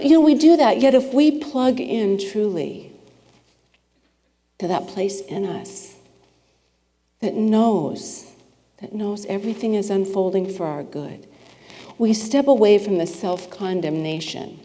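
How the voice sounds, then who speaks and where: A woman's voice: mid-range voice, measured pace, warm tone. A woman minister preaching a conversational sermon, chatty and playful, asking the congregation questions. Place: spiritual center sanctuary with a congregation. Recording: reverberant hall.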